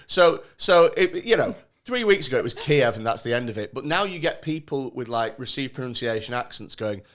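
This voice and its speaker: A man's voice: medium pitch, lively intonation, fairly quick, fairly bright tone. A man with a Northern English accent, co-hosting a podcast in casual, sweary, joking chat. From Northern England. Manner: sweary, jokey, mimics accents. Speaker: podcast co-host.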